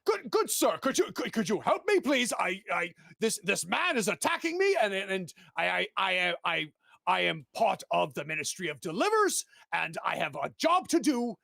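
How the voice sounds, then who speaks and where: A man voicing a fussy adult male mail carrier who stammers and panics in a high, strained voice. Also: sing-song, moderate pace, gravelly, pushed and bright, no room sound, studio quality, exaggerated voice. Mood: pleading. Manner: stammering, panicky, pleading, prim.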